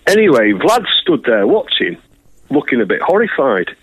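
A man's voice: mid-range voice, big pitch swings, normal speed, fairly bright tone, husky, no echo, highs cut off. A man, a guest angler, telling rambling, crude stories in casual chat and acting out voices. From England. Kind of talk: casual anecdote.

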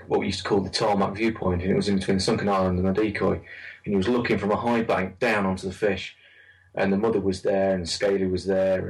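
A man's voice: deep voice, vocal fry, far from the mic, poor audio. A man chatting casually about carp fishing, rambling and repeating words as he tells stories. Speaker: carp angler recalling a lake. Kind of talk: casual chat.

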